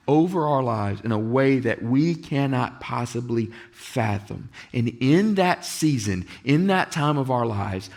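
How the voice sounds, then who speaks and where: A pastor preaching an earnest sermon in a church, reading scripture aloud and acting out the quoted lines. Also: male voice, medium pitch. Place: church sanctuary.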